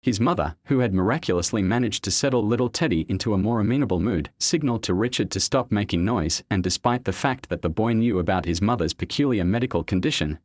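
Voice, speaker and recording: Low-voiced man narrating a story. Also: no echo. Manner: steady, measured storytelling. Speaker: audiobook narrator. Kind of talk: scripted narration.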